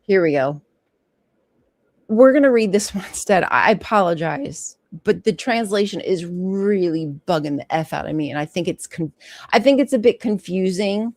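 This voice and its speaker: A woman hosting a casual livestream, reading old myths aloud and breaking off for frank, animated commentary with the odd swear word. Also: medium pitch, normal speed, dry recording.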